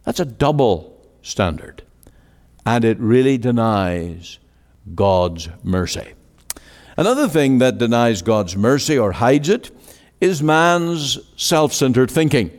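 A man preaching a sermon, climbing high and loud for quoted boasts and sinking low and hushed on solemn phrases. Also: animated, takes it slowly, big-room sound.

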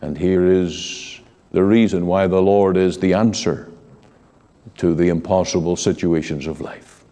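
A man preaches a sermon in a slow, deliberate, earnest manner, sinking into quiet pleading at times. His voice sits low and mellow. A long reverb from a large hall trails his words. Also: steady tone.

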